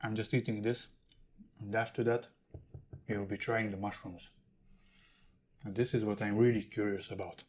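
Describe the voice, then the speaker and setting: A man's voice: fairly low pitch, steady tone, moderate pace, pauses often, a little mellow. A man talking casually to camera in a food tasting vlog, explaining and eating as he goes. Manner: chatty, talks while eating and handling jars. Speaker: food vlogger.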